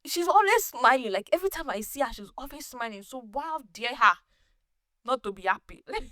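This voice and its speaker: A woman hosting her own podcast, telling a personal story in a casual, animated way, laughing often and restarting sentences. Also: high-pitched, fairly quick, dry recording, clean studio sound. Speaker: podcast host.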